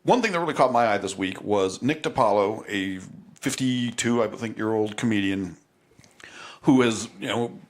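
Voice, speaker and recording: A man's voice: on the low side, normal speed. A man co-hosting a casual podcast in a studio, talking bluntly and profanely, and mocking others with impressions. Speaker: podcast co-host.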